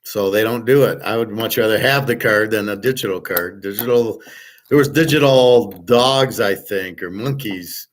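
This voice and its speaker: A man teaching a relaxed online class, blunt and profane, rambling with restarts and answering viewers' chat. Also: fairly low pitch, moderate pace. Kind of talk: casual livestream lecture.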